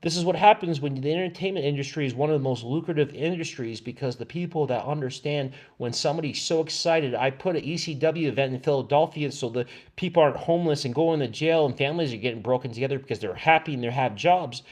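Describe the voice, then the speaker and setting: A man's voice: fairly high pitch, quick pace, few pauses, darkish tone. A man talking to his livestream audience in a rambling monologue, often restarting his sentences and sometimes getting worked up. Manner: agitated, repetitive, restarts often.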